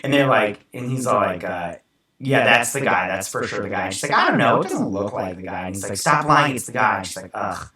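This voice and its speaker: A man's voice: fairly low pitch, animated, brisk, bright, forceful tone, distant mic. Rambling man in an echoey room. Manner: rambling, filler-heavy, acts out quoted lines. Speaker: show host recapping an episode. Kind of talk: casual recap chat.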